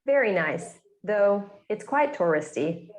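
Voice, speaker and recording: An actress voices an easygoing woman just back from a trip, in a scripted course-book dialogue. Her delivery is plain and matter-of-fact, at an ordinary middle pitch. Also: lively intonation, slow pace, reverberant.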